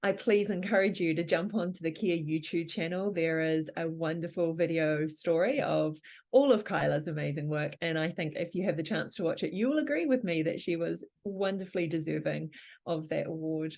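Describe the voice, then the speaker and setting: A woman's voice: deep voice, moderate pace. A woman moderating a conference panel, recapping points and passing along audience questions in an encouraging way. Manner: warm, encouraging recaps of the discussion. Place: conference room.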